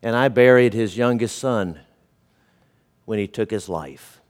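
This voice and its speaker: A man preaching a sermon as a pastor, earnest and storytelling, often dropping to a quiet, low voice. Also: measured pace.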